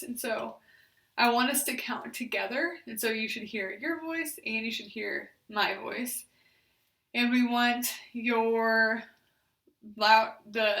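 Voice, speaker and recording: A young woman, a speech therapist, leading voice exercises with slow, clear, encouraging instructions and frequent fillers. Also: fairly high pitch, sharp tone. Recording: echoey room.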